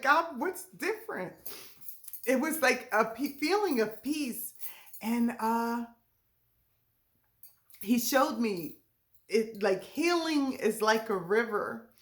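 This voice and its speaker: A woman delivers a heartfelt inspirational message. Her voice sits a bit high and she talks slowly and unhurriedly. She sounds moved, close to tears, with soft laughter breaking into her words. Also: animated. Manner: heartfelt, laughing through tears, Southern-tinged casual speech. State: emotional, near tears. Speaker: ministry leader.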